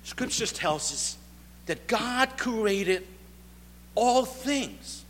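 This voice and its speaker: A man's voice: high voice, lively intonation, extremely slow, a bit bright, in a large hall, a little hiss or hum. A male pastor preaching a sermon, emphatic and driving home repeated rhetorical questions.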